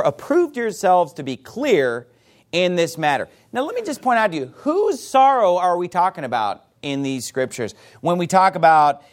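A man preaching a sermon, reading scripture and acting out quoted voices with lively energy. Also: high-pitched. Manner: animated, acts out quoted voices.

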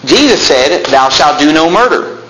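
A man's voice: a little high, big pitch swings, moderate pace, fairly bright tone. A man preaching a sermon, telling stories and rising to emphatic peaks. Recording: echoey room with faint noise.

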